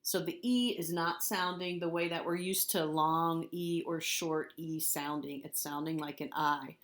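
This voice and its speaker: Slow, patient woman teacher. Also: sits low, fairly even intonation, a bit bright. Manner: patient, slow, repeats and spells out words. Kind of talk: recorded classroom lesson.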